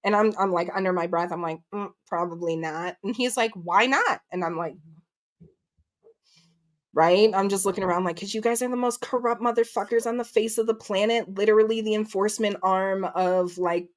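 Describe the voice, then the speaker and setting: A woman's voice: medium pitch, brisk. A woman, likely in her thirties, telling a story in casual chat, acting out quotes and swearing freely. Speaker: guest.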